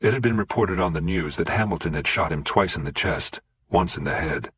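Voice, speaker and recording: A man narrating a suspense audiobook in a steady, unhurried reading. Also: deep voice, husky. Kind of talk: scripted narration.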